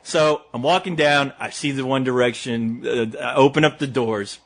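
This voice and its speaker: A man's voice: mid-range voice, normal speed. A man who reviews movies, telling a story in casual podcast chat and laughing often as he talks.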